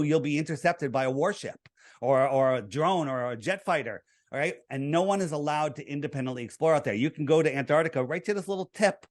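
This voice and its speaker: A man giving an interview, his voice sitting slightly higher than is typical for a man. He speaks earnestly, almost like a lecturer, walking the listener through his numbers one step at a time.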